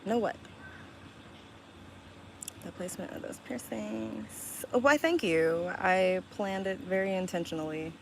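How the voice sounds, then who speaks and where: A young woman streamer talking casually to her chat, blunt and profane, with quick laughs and sudden loud outbursts. Her pitch sits in a middle range. A faint noise hums under her voice. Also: creaky, low-quality recording. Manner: blunt and profane, reading chat aloud and snapping back.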